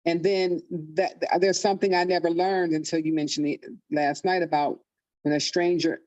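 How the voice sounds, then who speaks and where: Woman, study group member, halting, hesitant, dull lo-fi sound, dry. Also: on the low side, little pitch movement, a little mellow, no room sound. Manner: halting, searching for words.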